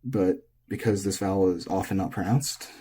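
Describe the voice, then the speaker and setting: A man teaching pitch in a relaxed, casual lesson, thinking aloud as he goes. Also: moderate pace, slight background noise. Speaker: language teacher.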